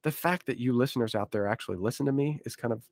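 A man's voice: mid-range voice, quick pace, a little mellow, no room sound, studio quality. A man co-hosting a podcast, chatting casually with self-deprecating jokes. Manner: joking, self-deprecating asides. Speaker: podcast co-host.

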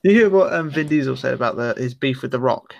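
A man co-hosting a podcast, rambling from one tangent to the next. He talks with easy enthusiasm and throws in casual slang. His voice sits at an ordinary middle pitch. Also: lively intonation, quick pace, gravelly. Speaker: podcast co-host. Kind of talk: casual chat.

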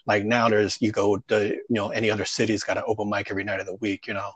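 Laid-back, profane male comic, low voice. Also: level tone, fast talker, a bit bright, breathy edge, no room sound. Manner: loose, rambling, profane, heavy on fillers. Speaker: stand-up comedian. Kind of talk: casual storytelling interview.

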